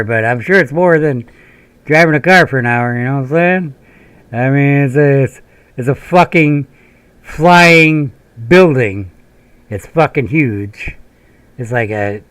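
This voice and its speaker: A man's voice: mid-range voice, a bit bright, dry recording. Profane, rambling American man telling a story. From Minnesota, USA. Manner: profane, rambling, laughs often. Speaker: gaming channel host. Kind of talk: rambling storytelling while playing a game.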